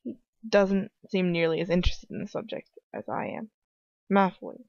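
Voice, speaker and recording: A woman's voice: fairly low pitch, animated, brisk, gravelly, a little mellow, no room sound. A woman reading a fan fiction story aloud in the first person, stopping now and then to comment, in a dull, dry home recording. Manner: breaks off to laugh and comment on the text. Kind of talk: reading aloud with casual asides.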